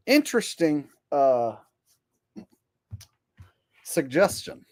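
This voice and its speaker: A man's voice: high-pitched, big pitch swings, slow, pauses often, a little mellow, dry recording, studio quality. A man hosting a live stream, ranting bluntly and casually with plenty of swearing. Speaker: streamer host.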